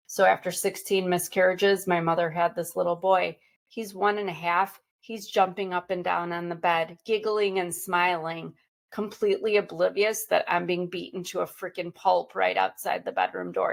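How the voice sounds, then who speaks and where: A woman's voice: lowish voice, vocal fry. A woman guest on a podcast, telling her own story bluntly and candidly and swearing freely.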